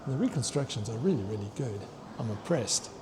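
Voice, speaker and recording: A man excitedly touring a fossil museum, chatting to his viewers and tripping over long names. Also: mid-range voice, a little fast, background noise. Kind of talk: walking museum tour vlog. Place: indoor museum hall.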